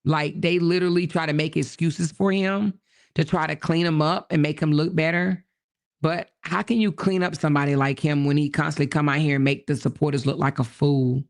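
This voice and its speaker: A woman's voice: deep voice, fairly even intonation, brisk. A woman hosting a casual livestream, reading viewer comments aloud and answering them in a blunt, profane way. She laughs often and loses her train of thought. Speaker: livestream host.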